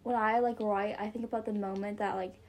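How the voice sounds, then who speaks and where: A woman's voice: medium pitch, fairly even intonation, fairly quick, darkish tone. A teenage girl co-hosting a casual podcast, rambling loosely and laughing through her stories. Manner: rambling, full of "like" fillers, laughs while telling stories. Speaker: podcast co-host. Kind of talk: casual chat.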